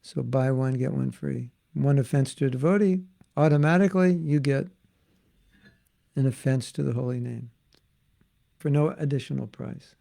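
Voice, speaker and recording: Older male teacher, mellow and gravelly, casual humorous lecture style. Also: medium pitch, moderate pace. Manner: joking, conversational, reads viewer comments aloud. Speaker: spiritual teacher. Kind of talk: informal online class.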